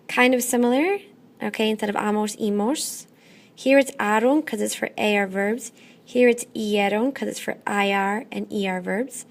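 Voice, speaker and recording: A woman teaching a classroom lesson, patient and methodical, often pausing to check in. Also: mid-range voice, creaky. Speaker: Spanish teacher.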